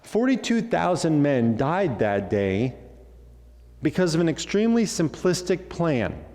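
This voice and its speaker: Animated male pastor in an echoing hall. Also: a little high, measured pace. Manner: animated, acts out dialogue, jokey asides. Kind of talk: sermon. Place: church sanctuary.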